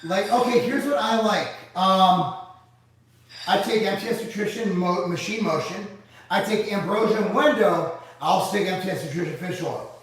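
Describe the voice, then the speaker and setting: Man hosting a live Q&A, fairly high-voiced, blunt and sarcastic, profane, sitting back from the mic in a very echoey room. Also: normal speed, recorded from a distance. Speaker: livestream host reading viewer comments. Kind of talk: casual live Q&A.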